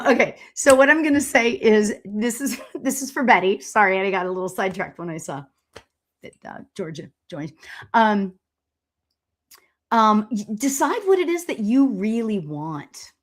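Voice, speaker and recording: Woman medium hosting a live stream, mid-pitched, gushing and rambly, laughs a lot. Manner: gushing and excitable, with frequent laughs and exclamations; chatty and rambling, with fillers and restarts. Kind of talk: live-stream tarot card reading.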